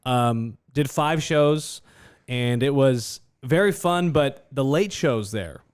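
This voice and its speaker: Animated laughing man telling stories. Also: mid-range voice, slow, clean tone. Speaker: comedian podcast co-host. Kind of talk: casual banter.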